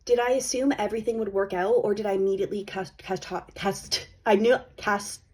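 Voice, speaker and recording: A woman's voice: medium pitch, steady tone, quick pace, a little mellow, husky. A woman hosting a podcast, giving a blunt, emphatic motivational monologue and swearing freely. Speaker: podcast host.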